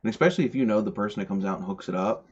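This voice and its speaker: Low-voiced rambling man, lo-fi stream. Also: rapid-fire, darkish tone, slightly rough. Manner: rambling, stumbles and repeats words. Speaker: podcast host. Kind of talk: casual livestream chat. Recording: dull lo-fi stream audio.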